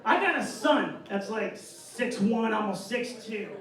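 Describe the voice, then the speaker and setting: Man, stand-up comedian, from upstate New York, brash, bawdy, lively swings in pitch, echoey club, distant mic. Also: unhurried. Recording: echoey club mic'd from afar.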